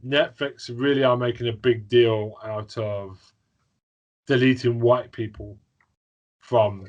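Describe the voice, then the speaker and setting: A man's voice: medium pitch, steady tone, slow pace, darkish tone, highs cut off. A man in casual chat, giving dry, opinionated takes.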